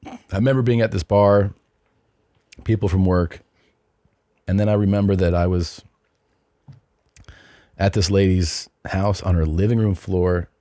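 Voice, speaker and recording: A man's voice: low voice, fairly even intonation, unhurried, long pauses, dark tone, no room sound, studio quality. A middle-aged man hosting a podcast, telling a long rambling anecdote in casual chat, often restarting and adding asides. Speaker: podcast host.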